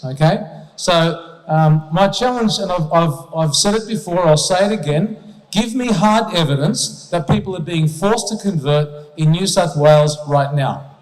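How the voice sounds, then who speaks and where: A man giving an emphatic, rhetorical public speech with slides to an audience at an event, often checking in with "okay?". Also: high-pitched. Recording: long hall reverb.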